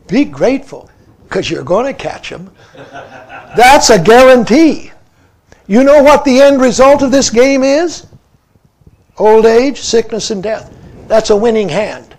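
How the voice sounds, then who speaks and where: High, gravelly-voiced man in his seventies. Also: darkish tone. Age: 70s. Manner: peppers speech with "see", asks listeners questions. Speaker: Zen teacher. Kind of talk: dharma talk.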